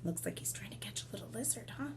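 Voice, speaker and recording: A woman's voice: mid-range voice, expressive, quick pace, background noise. A woman reading a picture book aloud, with sound effects and little asides to her listeners. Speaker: storyteller.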